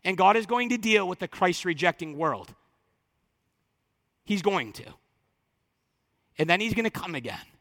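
High-voiced impassioned male preacher. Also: expressive, a little slow, pauses often, in a large hall. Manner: impassioned preaching that swings from loud to hushed. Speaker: pastor. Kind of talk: sermon.

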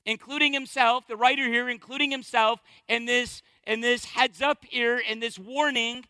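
High-voiced emphatic male preacher. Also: moderate pace, hardly any pauses, sharp tone, clear, resonant tone, no echo. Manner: emphatic, repetitive, conversational preaching. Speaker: pastor. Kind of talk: sermon.

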